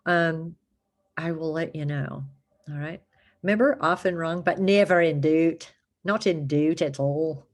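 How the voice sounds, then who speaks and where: A woman's voice: sits low, measured pace. A woman chatting casually to the camera, rambling and self-mocking, laughing often and slipping into put-on accents for fun. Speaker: vlogger.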